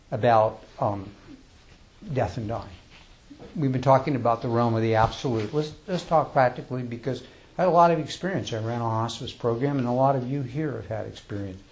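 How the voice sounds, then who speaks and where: A man of middle pitch speaks as a Zen teacher giving an informal dharma talk. He sounds relaxed and conversational, chuckles often, and restarts sentences with small fillers. When he reads verses aloud, he slows right down.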